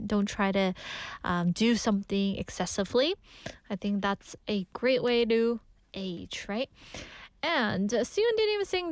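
Young female radio DJ, slightly high voice, chatty, reads listener mail, dry studio mic. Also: dry recording. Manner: chatty, laughs often, mixes in Korean phrases. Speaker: radio show host. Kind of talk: casual radio chat reading listener messages.

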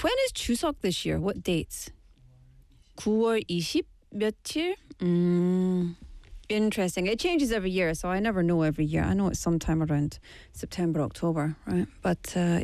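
A woman's voice: lowish voice, a little mellow, no room sound, studio quality. A woman hosting a radio show, chatting playfully and mixing in Korean phrases. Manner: chatty, playful, switching between English and Korean. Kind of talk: casual radio talk. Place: radio studio. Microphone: studio microphone.

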